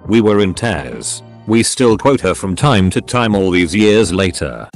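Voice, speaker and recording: Male storyteller, low and animated, reading posts over faint background music. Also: measured pace, few pauses. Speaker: narrator reading online posts. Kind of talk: scripted narration.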